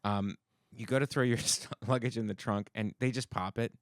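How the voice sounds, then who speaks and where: A man's voice: fairly low pitch, fairly even intonation, a little fast, dry recording, clean studio sound. A man co-hosting a comedy podcast, riffing in a rambling casual chat. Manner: rambling, riffs with quoted voices.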